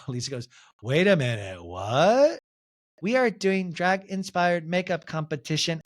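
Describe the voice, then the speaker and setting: A man hosting a solo podcast, recapping a reality show and acting out the quotes in mimicking voices. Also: sits high. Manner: animated, mimics cast members' voices. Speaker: podcast host.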